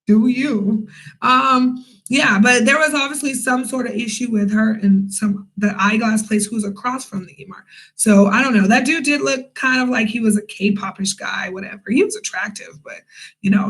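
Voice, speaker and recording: A young woman telling a casual storytime vlog, chatty and animated, with many fillers and asides to her viewers. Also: fairly high pitch, rough recording. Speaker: vlogger, English teacher in Korea.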